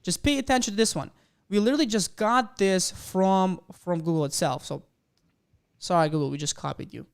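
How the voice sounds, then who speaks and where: A man leads a live coding lesson and explains each step as he types. He gets excitable and cheers his viewers on, with loud bursts of hype between the explanations. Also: high-pitched, fairly quick, vocal fry, clean tone. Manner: excitable, hypes the audience. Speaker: coding instructor.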